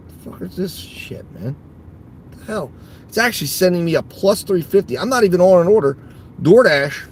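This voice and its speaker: A man sits in his car filming himself between delivery orders, with a rough, gravelly voice at an ordinary pitch. He talks to viewers casually, curses often, and jumps between quiet muttering and loud bursts of frustration. Faint engine and road noise hums in the background. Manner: swears a lot, swings from grumbling to outbursts. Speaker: gig delivery driver. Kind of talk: casual vlog while driving.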